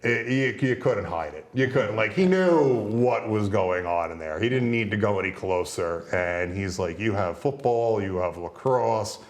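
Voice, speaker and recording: Deep-voiced man telling stories. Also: normal speed, hardly any pauses. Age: 30s. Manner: rambling, relaxed, frequent fillers. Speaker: guest, pro wrestler. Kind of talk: casual interview storytelling.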